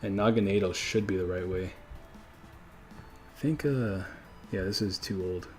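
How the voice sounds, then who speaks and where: A man's voice: low-pitched, unhurried, darkish tone. A young man hosting a casual livestream, rambling and correcting himself as he chats with viewers. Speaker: livestream host. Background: faint background music.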